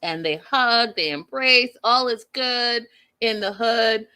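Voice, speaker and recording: A woman hosting a live show recap, giving her opinions in an animated way and talking to the live chat. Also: a little high, takes it slowly, smooth. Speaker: host.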